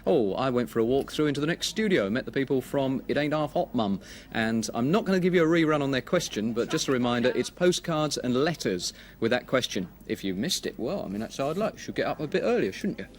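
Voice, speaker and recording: A man's voice: medium pitch, lively intonation, fast. Breezy man hosting a TV show. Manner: breezy, jokey, conversational. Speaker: children's TV host. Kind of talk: chatty live studio presenting. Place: TV studio.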